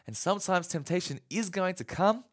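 A man's voice: high-pitched, brisk. A male pastor preaching a sermon, retelling a story and acting out scenes. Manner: animated, acts out scenes.

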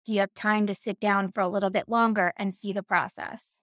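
A woman real estate agent giving an earnest, steady practice sales pitch. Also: brisk, no room sound, clean studio sound.

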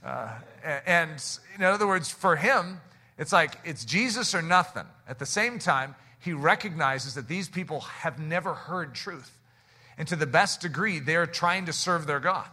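Male pastor, sermon, high voice, very bright and forceful, animated preaching. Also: moderate pace. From United States. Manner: animated preaching, drops low and quiet for acted quotes.

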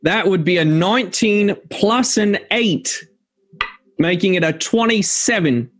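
Slow, hesitant male tabletop player. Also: high-pitched, lively intonation. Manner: hesitant, halting speech. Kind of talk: casual tabletop game play.

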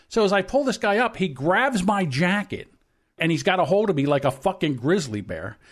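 A man's voice: high voice, very animated, fairly quick. A man of about sixty co-hosting a podcast, telling a long story bluntly and with plenty of swearing. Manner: profane, blunt anecdote-telling. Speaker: podcast co-host. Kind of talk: casual chat, storytelling.

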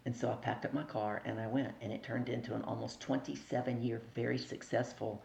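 A middle-aged woman telling lively stories as a sales coach on a podcast, asking her listeners questions along the way. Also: extremely low pitch, brisk, gravelly, slight background noise. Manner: animated storyteller who acts out voices and asks the listener questions. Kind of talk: storytelling in a podcast interview.

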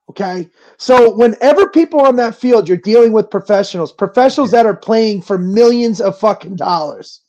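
A comedian co-hosts a sports podcast, hammering his points home with emphasis and plenty of profanity. His voice sits notably high for a man. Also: mellow, highs cut off. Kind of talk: casual sports chat.

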